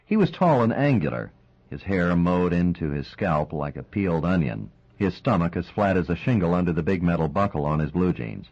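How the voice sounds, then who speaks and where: A man narrating a crime novel audiobook in a measured, steady way. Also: sits low, highs cut off.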